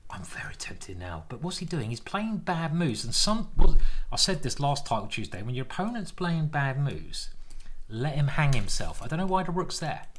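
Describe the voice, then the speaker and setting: A man, a chess grandmaster, giving lively, self-mocking live commentary on his own games as he plays them. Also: medium pitch. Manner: animated, exclaiming, self-mocking banter.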